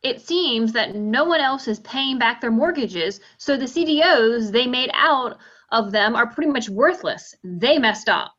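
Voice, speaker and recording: A woman's voice: fairly high pitch, animated, a little slow, a bit bright, muffled recording. A woman reading the part of a smug banker who sells bonds, speaking in a breezy, dismissive way over a video call.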